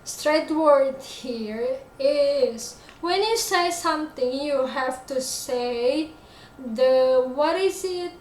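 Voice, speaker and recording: A woman with an Indonesian accent teaching an English lesson, slowly explaining and pausing to search for words. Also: sits high, a little mellow. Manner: slow, searching for words, repeats examples. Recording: echoey room with faint noise.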